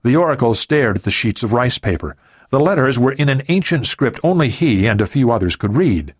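A man reading a thriller audiobook in steady scripted narration. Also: medium pitch, brisk, husky, no echo, studio quality.

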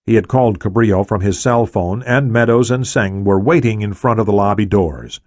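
A man narrating an audiobook in a steady, even reading. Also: on the low side, normal speed, dry recording, clean studio sound.

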